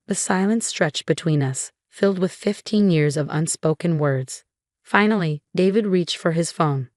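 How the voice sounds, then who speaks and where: A woman giving calm, measured scripted first-person story narration. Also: on the low side, dry recording, studio quality.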